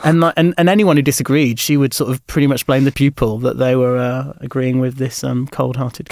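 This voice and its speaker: A man's voice: medium pitch, fairly even intonation, fairly quick, gravelly, a little mellow, no room sound, clean studio sound. A man, a comedian and actor, chatting as a radio guest, rambling and hesitant with many fillers. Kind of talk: casual interview chat.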